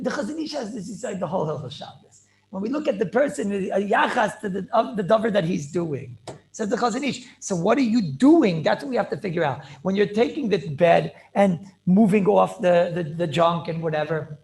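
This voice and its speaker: A man, a rabbi, teaching a Talmud class over a video call in an excited, rapid way, repeating himself and asking rhetorical questions. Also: sits high, gravelly. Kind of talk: animated yeshiva-style lecture.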